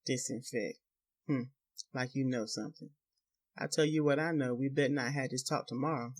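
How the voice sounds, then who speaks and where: A man reading a novel aloud, voicing a huge, violent rural husband who speaks with menace and contempt in rough dialect. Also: mid-range voice, normal speed, lightly acted. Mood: threatening.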